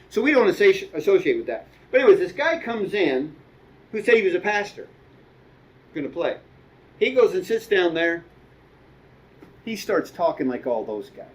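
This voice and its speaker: A man's voice: sits high, low-quality recording. A middle-aged man preaching a sermon as a guest speaker, conversational, with asides and quoted dialogue.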